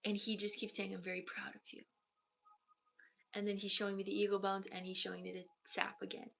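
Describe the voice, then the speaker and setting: A woman energy healer talks in a soft, flowing way as she passes on messages from spirits and leads a grounding meditation. Her voice has a gravelly fry, with a bright edge on top. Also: medium pitch, completely flat delivery, fast talker. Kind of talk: channeled healing session with guided grounding.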